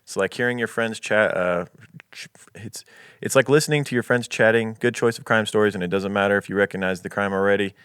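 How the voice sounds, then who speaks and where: A man's voice: fairly low pitch, fairly quick, a bit bright, clear, resonant tone, no echo, clean studio sound. A man co-hosting a podcast, reading listener reviews aloud in an easygoing, casual way. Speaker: podcast co-host.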